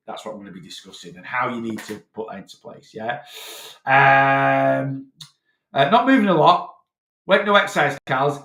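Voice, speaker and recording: A man's voice: medium pitch, pushed and bright, reverberant. A man from Northwest England with a Lancashire accent, a weight loss coach answering questions in a live chat and checking in with "right?" as he explains. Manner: explanatory, peppers talk with "right?".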